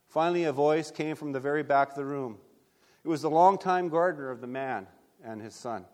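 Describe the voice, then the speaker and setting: Man preaching, earnest steady storyteller, slightly high voice, big echoey church hall. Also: brisk. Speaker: pastor. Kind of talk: sermon storytelling and scripture reading.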